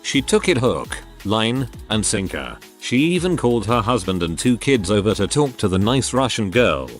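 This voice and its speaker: A man reads out anecdotes as a scripted narrator, his voice sitting low and moving a lot in pitch. Faint music plays behind him. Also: very animated, moderate pace. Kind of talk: scripted narration of online stories.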